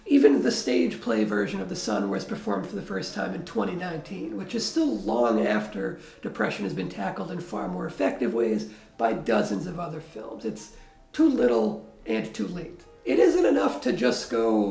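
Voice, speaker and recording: Gravelly, animated male film critic. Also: high voice, moderate pace, echoey room, faint music behind. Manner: blunt, wry, critical. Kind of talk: video film review.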